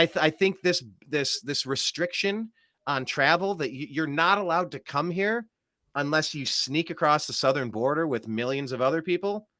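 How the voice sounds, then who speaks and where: A man hosting a political talk show, talking in an animated, sarcastic, rambling way with many restarts. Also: mid-range voice, no room sound, clean studio sound. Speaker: show host.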